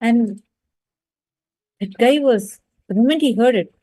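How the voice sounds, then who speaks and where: A woman telling a devotional story as a spiritual teacher, animated and addressing listeners directly. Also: fairly high pitch, unhurried, no room sound, rough recording.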